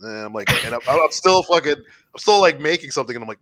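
Animated, bright-voiced male podcaster. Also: mid-range voice, quick pace. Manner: animated, laughing, swearing often. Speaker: podcast co-host. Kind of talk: casual chat, storytelling.

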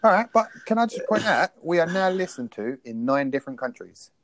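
A man's voice: fairly high pitch, fairly quick, a little hiss or hum. A man co-hosting a podcast, chatting casually and poking fun at himself. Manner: lively, self-deprecating banter. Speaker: podcast co-host. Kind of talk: casual chat.

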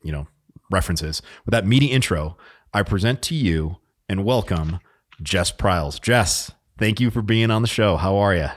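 A man's voice: sits low, expressive, moderate pace. A man hosting an interview show, chatting casually and rambling a little as he asks questions. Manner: rambling, restarts phrases, friendly. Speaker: podcast host.

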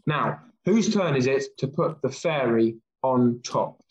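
A man reading aloud as a stern, weary mother in a children's storybook, in a low, firm scolding voice, over lo-fi video call audio. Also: animated, slow, darkish tone.

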